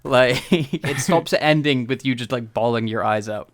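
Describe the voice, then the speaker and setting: A man co-hosting a podcast in casual chat, animated, laughing often and acting out quotes. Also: mid-range voice, normal speed. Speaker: podcast co-host.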